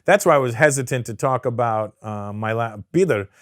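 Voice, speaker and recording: Brief: male comedian guest, blunt and profane, mid-pitched, dry close sound. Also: moderate pace, no echo. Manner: blunt, profane, animated storyteller. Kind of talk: candid interview chat.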